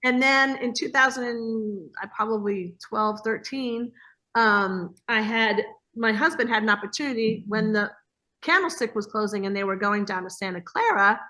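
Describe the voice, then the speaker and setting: Bright, lively woman telling stories. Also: on the high side, normal speed. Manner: lively storyteller who acts out quoted voices. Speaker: guest, hospitality business owner. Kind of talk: casual interview storytelling. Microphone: video call.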